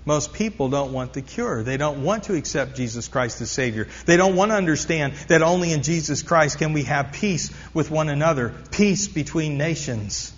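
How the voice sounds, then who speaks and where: A man preaching a sermon with a slightly high voice, pressing his points home by repeating phrases and putting questions to his listeners. The recording is dull and lo-fi, and his voice carries a long reverb from a large hall. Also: lively intonation, moderate pace, hardly any pauses, breathy edge. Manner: emphatic, repeats key phrases, asks the congregation questions. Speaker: pastor.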